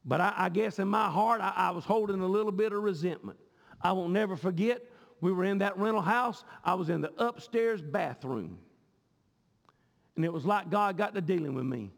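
Fiery high-voiced preacher, gravelly. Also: male voice, normal speed. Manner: impassioned preaching, repeats words as he goes. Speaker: pastor. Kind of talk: sermon. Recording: long hall reverb.

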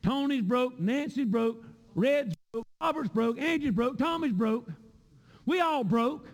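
A man preaching a sermon in a church sanctuary, with a repetitive cadence that rises into shouts. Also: extremely high pitch, lively intonation, unhurried, big-room sound.

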